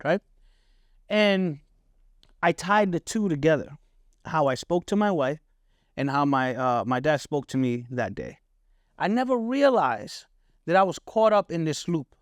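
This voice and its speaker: On his podcast, a middle-aged man with a fairly high voice tells personal stories in a monologue, speaking casually and candidly. He swears freely and regularly asks "right?" The studio sound is clean, with no echo.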